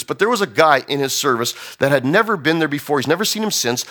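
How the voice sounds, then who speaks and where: Brief: storytelling male preacher, bright and animated, somewhat high. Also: quick pace, hardly any pauses. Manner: animated, acts out voices. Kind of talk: sermon storytelling.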